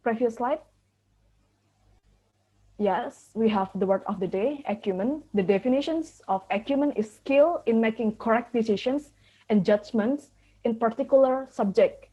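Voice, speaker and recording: A woman's voice: a little high, normal speed, warm tone, breathy edge. Hesitant woman hosting an online meeting. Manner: hesitant, repeats words. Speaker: meeting host. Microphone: video call. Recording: dull video call audio.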